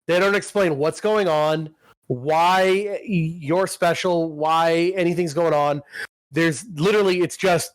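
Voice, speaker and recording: A man's voice: on the high side, unhurried, dry recording. Rambling, profane podcast host man. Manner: rambling, profane recap with quoted voices. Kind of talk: casual chat.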